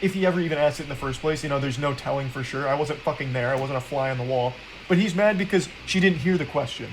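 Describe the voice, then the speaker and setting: A man's voice: medium pitch, quick pace, a little hiss or hum, poor audio. A man commenting on a clip in a mocking, sarcastic way. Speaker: commentator in the reacted video.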